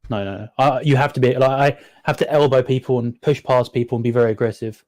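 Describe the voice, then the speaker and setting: Brief: quick English man, blunt podcast co-host, dry close sound. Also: medium pitch, steady tone, a little mellow, no room sound. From England. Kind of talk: casual chat.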